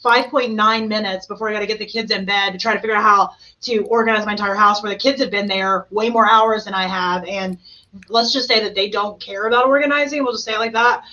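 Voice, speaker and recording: A middle-aged woman hosting a podcast, telling funny stories in a casual, animated way. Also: medium pitch, fast. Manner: animated, laughing storyteller. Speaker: podcast host. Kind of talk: casual chat. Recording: slightly muffled with faint hiss.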